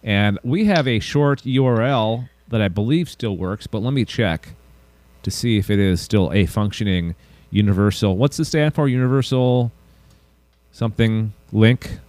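A man's voice: on the low side, normal speed, darkish tone, dry recording. Goofy rambling podcast host man. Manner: goofy, rambling, self-mocking. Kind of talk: casual podcast chat.

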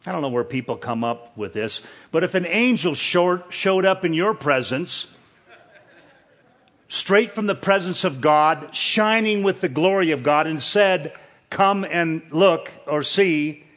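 A man's voice: high voice, lively intonation, unhurried, fairly bright tone. A man preaching a sermon in a church, earnest and repeating words for emphasis. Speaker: pastor. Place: church with screens.

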